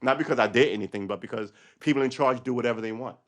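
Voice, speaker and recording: A man's voice: mid-range voice, racing. A middle-aged man, a retired police officer who hosts a casual livestream and talks bluntly, swears freely and often laughs. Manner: blunt, profane, laughs often, restarts a lot.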